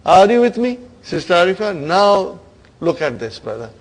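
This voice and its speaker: A man teaching an Arabic grammar lesson to students, coaxing them along, stretching key words and trailing off softly at the ends of phrases. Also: high-pitched, sing-song, moderate pace, low-quality recording. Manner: coaxing, keeps asking "are you with me, brother?".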